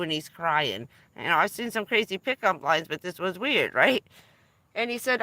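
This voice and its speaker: Middle-aged jersey-raised woman rambling on her vanlife stream, bright tense voice, dry close sound. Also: lowish voice, moderate pace, no room sound. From New Jersey. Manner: rambling, excitable storytelling with swearing. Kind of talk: casual live-stream chat. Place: in or around her van.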